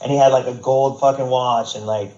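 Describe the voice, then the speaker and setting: Casual storytelling from an American podcast guest, full of swearing, rambling, and restarts. He speaks fairly quickly in a medium-pitched, a little mellow voice with fairly even intonation, and the audio is echoey and a bit muffled.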